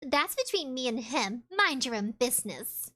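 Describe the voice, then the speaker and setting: A woman's voice: high-pitched, big pitch swings, normal speed, a bit bright, pitched below the performer's own voice. A woman voicing a sarcastic teen girl. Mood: curt. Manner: dry, sarcastic. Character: snarky, bitter teenage girl. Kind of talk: video game voice-over reading.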